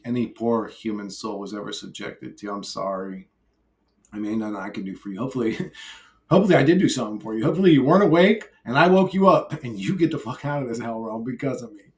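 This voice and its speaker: A man's voice: on the low side, lively intonation, brisk. A man vlogging alone in a brash, rambling monologue, swearing freely and laughing often. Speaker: YouTuber. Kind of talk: rambling solo vlog monologue.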